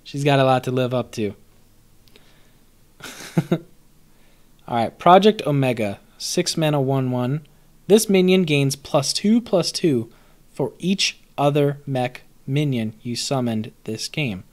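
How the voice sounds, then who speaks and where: Animated young man reviewing cards on a live stream. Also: medium pitch, slow, pauses often. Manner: animated, swearing, laughing, answers chat. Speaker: streamer reviewing a card set. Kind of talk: casual live-stream commentary.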